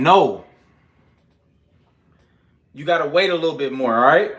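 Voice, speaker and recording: Breathless slangy man, bright forceful voice. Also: on the high side, measured pace. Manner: loose, slangy and animated, counting push-ups between chart talk. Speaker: trading channel host. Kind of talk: casual trading livestream.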